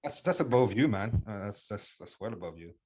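A man with a French accent and a fairly low voice co-hosts in casual chat. He speaks in a relaxed, hesitant way, with lots of "uh" fillers. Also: fairly quick. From France. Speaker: podcast co-host.

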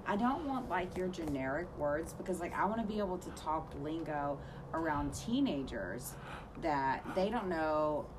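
A woman's voice: low-pitched, expressive, moderate pace, background noise. A woman co-hosting a casual chat podcast, giggly and playful as she reads slang definitions aloud. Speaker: podcast co-host.

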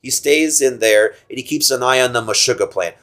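A man chatting casually on a podcast, walking through a film's plot. He laughs a lot and puts on quick, goofy voices whenever he quotes a character. His voice sits in a middle pitch. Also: fairly bright tone. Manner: laughs often, acts out quotes in silly voices. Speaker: podcast co-host. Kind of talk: casual movie recap chat.

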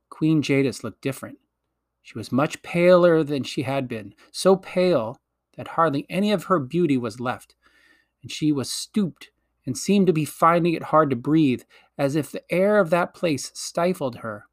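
Man narrating a storybook, fairly high. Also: dry recording, studio quality. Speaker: audiobook reader.

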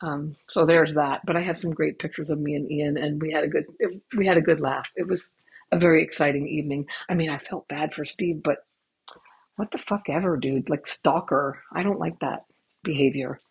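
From home with her cats nearby, a woman hosts a podcast, her low, steady voice creaky and husky as she tells chatty, rambling, profane stories at a moderate pace. Her headphone mic keeps cutting in and out, and the lo-fi recording sounds dull.

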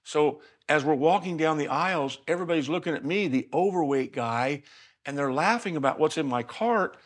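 A man's voice: on the high side, normal speed. Older man telling a humorous story. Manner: animated, self-deprecating, conversational.

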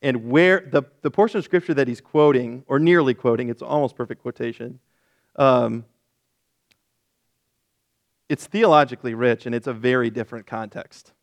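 A man's voice: medium pitch, moderate pace, long pauses. A male pastor teaching through a Bible passage in a sermon, explaining the text and acting out quoted lines with feeling.

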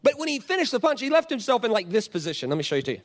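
A man's voice: very high-pitched, racing. A man in his forties preaching a sermon, telling a story and acting out scenes and quotes. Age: 40s. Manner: animated, acts out scenes and quotes. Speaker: pastor.

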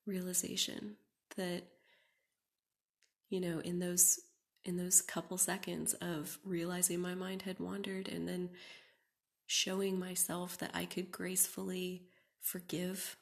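A young woman hosting a reflective solo podcast, talking casually with many "like"s and often dropping into a soft whisper. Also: on the low side, level tone, measured pace, vocal fry. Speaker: podcast host.

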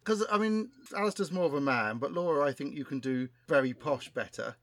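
Chatty male host for a sketch show, lively and slightly high. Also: a little fast. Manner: chatty, self-mocking, laughs often. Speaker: sketch podcast host and writer. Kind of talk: casual comedy chat.

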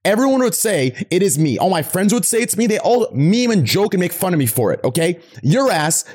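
A man's voice: sits high, very animated, brisk, darkish tone, slightly rough. A young man, a streamer, arguing heatedly, swearing and repeating himself over and over. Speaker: streamer and podcast regular. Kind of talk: heated argument.

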